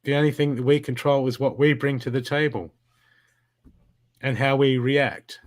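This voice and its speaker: A man's voice: medium pitch, fairly even intonation, normal speed. A man giving a live spiritual card reading, talking in an emphatic, repetitive coaching way. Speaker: intuitive card reader.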